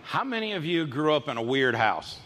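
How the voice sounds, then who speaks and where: A man in his fifties preaching a sermon, telling folksy personal stories and jumping into high voices when he quotes people. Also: very animated, brisk, a bit bright, slight background noise. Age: 50s. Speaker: pastor. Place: church auditorium. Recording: reverberant church hall with faint ambience.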